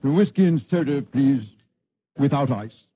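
A man voicing a young English gentleman with an English accent, precise and clipped, in 1940s radio acting on a lo-fi old recording. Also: mid-range voice, animated, a little slow, voice pushed up, close to an everyday voice. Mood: haughty.

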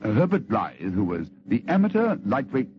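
A man's voice: fairly low pitch, huge pitch swings, normal speed, background noise. A man telling a story in scripted radio narration, dramatic and theatrical, on a lo-fi old radio recording.

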